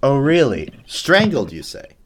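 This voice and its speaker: A man's voice: mid-range voice, wildly swooping pitch, unhurried, slight background noise, voice pushed up. A man reading as a musing old judge.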